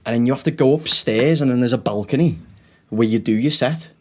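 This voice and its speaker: A man's voice: mid-range voice, a little fast. A young man, a comedian co-hosting a podcast, telling stories in casual chat, swearing often and laughing through them.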